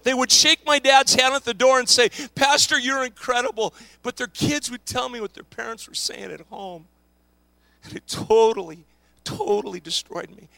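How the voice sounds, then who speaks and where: A man putting on the voice of a heartbroken young man who speaks quietly and haltingly through tears. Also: extremely high pitch, creaky, no echo, pitched above the performer's own voice, heavily acted. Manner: halting, quiet, breaking into short bursts. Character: heartbroken young man, soft-spoken and tearful.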